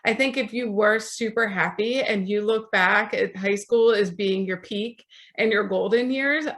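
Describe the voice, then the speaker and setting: A woman's voice: mid-range voice, unhurried, a bit bright. A woman in her forties, an author being interviewed, telling stories in a chatty way and acting out the voices of people she quotes. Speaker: author, podcast guest.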